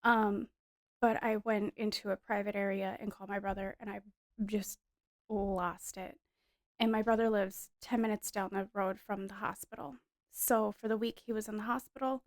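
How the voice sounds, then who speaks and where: In clean studio sound with no room noise, a woman in her thirties with a mid-range voice shares an earnest, emotional testimony as a wife. She tells it casually, like a story, with frequent fillers.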